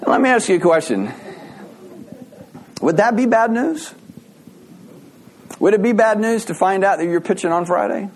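A man's voice: high-pitched, expressive, normal speed, pauses often, slight background noise. Conversational middle-aged male pastor. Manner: conversational storytelling with repeated restarts. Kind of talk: sermon.

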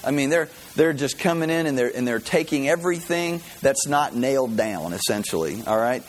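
A man's voice: mid-range voice, expressive, normal speed, a little hiss or hum, low-quality recording. A man preaching a sermon, talking in a folksy, conversational way and telling jokes along the way. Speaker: pastor.

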